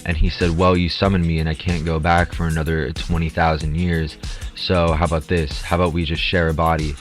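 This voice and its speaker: A man voicing a sluggish male contestant possessed by a demon, talking slow, low and mumbling. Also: flat delivery, soft background music, natural voice. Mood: droning.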